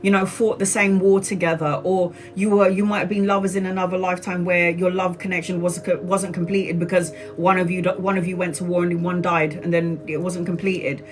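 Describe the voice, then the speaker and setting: A woman giving live-stream tarot readings in an excitable way, often laughing and exclaiming, and calling viewers sweetheart. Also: on the low side, fairly quick, hardly any pauses, soft background music, rough recording. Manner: affectionate, calls viewers sweetheart. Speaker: tarot reader.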